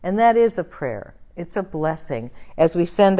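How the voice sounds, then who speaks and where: A woman minister leading a church service, guiding prayer and affirmations in a slow, soothing way. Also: fairly low pitch, big pitch swings, mellow. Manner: slow, soothing, leads the congregation in call-and-response. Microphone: livestreamed church service.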